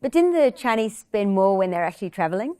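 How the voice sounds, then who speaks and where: A woman's voice: medium pitch, very animated, fast, a little mellow, clear, resonant tone, no echo. A woman hosting an investment interview series, reading a polished introduction and then putting questions to her guest. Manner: polished, read-from-script delivery. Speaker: interview host.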